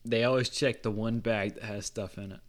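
A man's voice: fairly low pitch, fairly even intonation, brisk. A man hosting a podcast, chiming in casually with short reactions and laughs. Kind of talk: casual chat.

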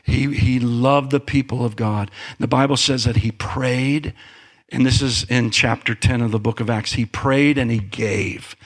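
A man preaching a sermon as pastor, animated, with big pitch swings and calls for amen. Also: moderate pace.

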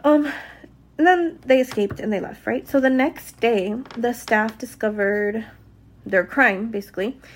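A young woman with a somewhat high voice, casually retelling a true crime case from home. She talks in a chatty, loose way, swears freely and spells words out letter by letter. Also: measured pace, a little hiss or hum. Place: home with dogs nearby.

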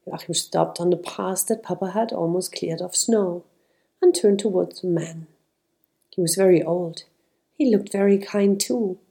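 Woman with a calm, mellow reading voice. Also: lowish voice, unhurried, vocal fry. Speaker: narrator. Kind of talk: storybook reading.

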